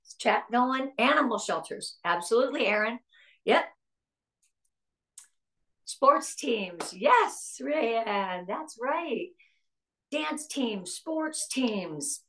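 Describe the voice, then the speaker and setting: A woman's voice: a little high, animated, takes it slowly, long pauses, fairly bright tone. A middle-aged woman giving an upbeat, earnest talk to a sales team, answering a live chat and turning emotional at times. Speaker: guest speaker at a sales team meeting.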